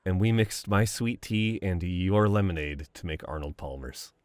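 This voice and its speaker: Guy doing a boyfriend voicemail roleplay, fond and reminiscing, kinda low and slow, dry close sound. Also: dry recording. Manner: fond, reminiscing, laughs often, casual swearing. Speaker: boyfriend in an audio role-play. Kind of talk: romantic voicemail role-play.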